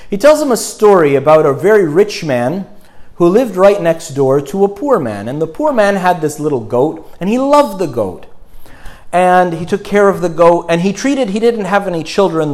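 A man telling a story in a sermon, animated, swinging between loud and hushed. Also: a little high.

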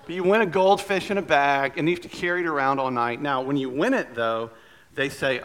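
A man's voice: a little high, a little fast, a bit bright. A man preaching a sermon as pastor, telling stories in a conversational way with light humor.

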